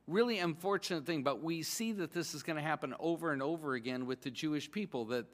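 A pastor giving a sermon in a conversational, excitable way, often restarting his sentences. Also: fairly high pitch, fast, long reverb tail.

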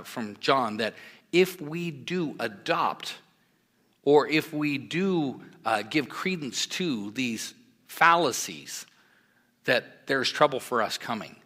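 A man's voice: medium pitch, pushed and bright. A man preaching a sermon, earnest and emphatic, with conversational asides to the congregation. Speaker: pastor.

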